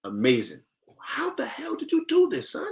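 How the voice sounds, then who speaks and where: A man's voice: medium pitch, very animated, fairly quick, vocal fry, fairly bright tone. A man acting out a busy dad caught off guard, exclaiming in disbelief. His voice jumps up with surprise. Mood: astonished. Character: busy father, amazed by his son.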